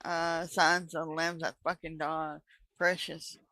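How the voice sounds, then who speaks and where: Bright-voiced co-host with dry quips. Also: medium pitch, flat delivery, a little slow, poor audio. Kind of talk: casual chat.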